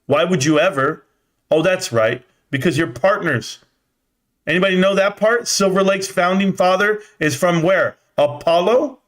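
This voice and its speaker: A man's voice: high voice, normal speed, a bit bright. A young man hosting a live stock stream, ranting in exasperation and swearing while reading the chat. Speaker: livestream host.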